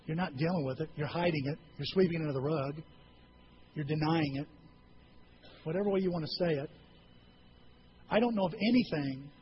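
Earnest preaching man, muffled and noisy. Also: a little high. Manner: earnest, conversational preaching with rhetorical questions. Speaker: pastor. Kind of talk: sermon.

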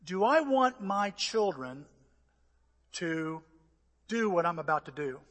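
Older man, pastor, sermon, animated storytelling, high pitch, long church-hall reverb. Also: slow pace. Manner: animated storytelling, acting out voices and shouts. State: out of breath.

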